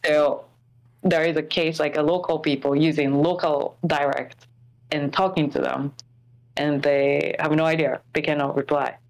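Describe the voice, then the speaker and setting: Woman from Japan, casual stream chat, halting delivery, low and gravelly. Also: fairly even intonation, low-quality recording. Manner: halting, many fillers and restarts.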